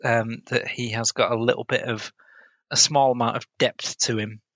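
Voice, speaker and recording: A man's voice: medium pitch, level tone, normal speed, fairly bright tone, no echo, rough recording. A man co-hosting a podcast, adding dry, wry asides with some hesitant ums. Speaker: podcast co-host. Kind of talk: casual chat recapping a TV episode.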